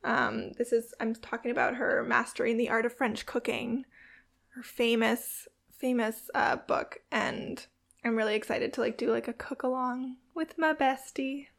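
Young woman cohost, lots of vocal fry, excited and chatty. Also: a little high, measured pace. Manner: enthusiastic, filler-heavy chat. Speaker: co-host. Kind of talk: casual chat.

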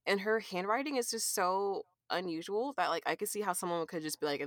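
A woman guest on a podcast telling animated stories, swearing and filling with "like". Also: medium pitch, brisk, no echo, clean studio sound. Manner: animated storyteller, swears, many "like"s. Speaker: guest artist. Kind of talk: casual podcast chat.

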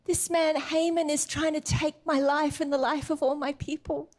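A woman voicing a softly pleading young queen. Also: high voice, little pitch movement, moderate pace, voice pushed up, natural voice. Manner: soft, pleading.

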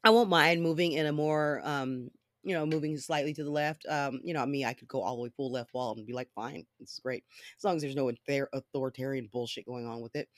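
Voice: medium pitch, fairly quick, no room sound, studio quality. A podcast host in a casual solo monologue, swearing freely and rambling through stories.

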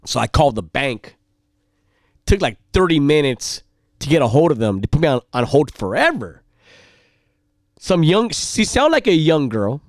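A man telling a rambling personal story in a casual way. He repeats himself and gets louder and more heated as the story builds. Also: fairly high pitch, moderate pace, pauses often, dry recording, studio quality. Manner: rambling, animated, repeats himself, heats up when recounting anger.

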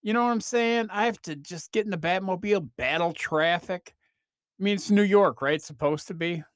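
A man hosting a podcast, rambling through a comedic monologue with animated swings and quick mock voices. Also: sits high, no echo, studio quality. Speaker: podcast host.

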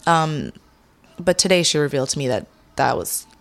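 A young woman speaking frankly as an interview guest, retelling conversations with lively energy. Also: deep voice, moderate pace. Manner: frank, animated when retelling talks.

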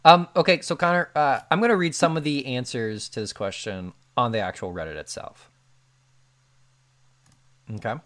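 A man's voice: mid-range voice, normal speed, pauses often, a bit bright. Chatty man with many fillers. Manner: filler-heavy, laughs often. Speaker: podcast co-host. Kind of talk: casual chat.

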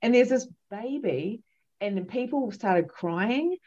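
A woman, a psychic medium and podcast guest, telling a story in an animated, emphatic way with many fillers. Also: fairly high pitch, slow, highs cut off. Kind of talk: casual storytelling chat.

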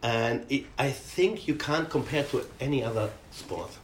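A man talking as a guest about working with athletes, hesitant and halting, often trailing off softly. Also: medium pitch. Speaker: guest who works with athletes. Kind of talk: casual conversation. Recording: echoey room.

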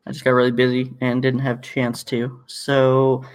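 A man's voice: medium pitch, monotone, normal speed, smooth. A man from Canada co-hosting a podcast, telling work stories in a rambling, profane way with lots of fillers and restarts. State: knee in pain. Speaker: podcast co-host. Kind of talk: casual chat.

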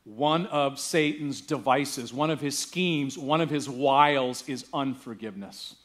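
A man's voice: mid-range voice, unhurried, fairly bright tone. A male pastor preaching a sermon, telling a story casually and building to emphatic preaching. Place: church.

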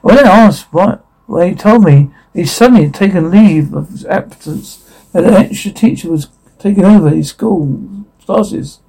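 A man's voice: high-pitched, moderate pace, dark tone, breathy edge, rough recording. A man voicing a shy, lonely woman teacher who is smitten with a colleague, reading a radio play aloud in an earnest, wistful way.

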